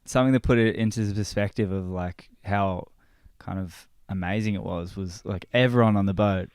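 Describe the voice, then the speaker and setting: A man talking as a podcast guest, recounting a sailing trip in a relaxed, laid-back way. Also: low voice, normal speed, clean tone, dry recording, studio quality. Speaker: guest, filmmaker. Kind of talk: casual podcast conversation.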